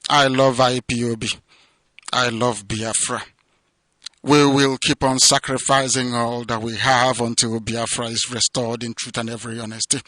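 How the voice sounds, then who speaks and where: A man with a Nigerian accent giving an impassioned radio address, declaiming with loud peaks that drop to low, hushed passages. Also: flat delivery, normal speed, no echo. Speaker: movement leader giving a radio broadcast.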